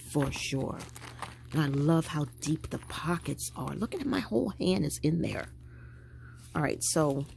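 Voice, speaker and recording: A woman vlogger with a low-pitched voice and vocal fry chats casually and animatedly with her viewers as she packs a handbag. The recording has a little hiss or hum.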